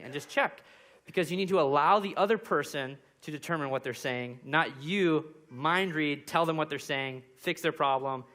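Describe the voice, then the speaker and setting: Bright-voiced young male pastor preaching. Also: fairly high pitch, moderate pace. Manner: numbered points with acted example quotes. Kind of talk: sermon. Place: church.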